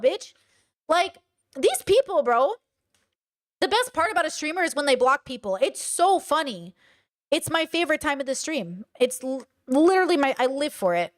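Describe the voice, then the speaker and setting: A woman streamer giving casual reaction commentary, blunt and animated, swearing freely as she rants. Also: sits high, normal speed.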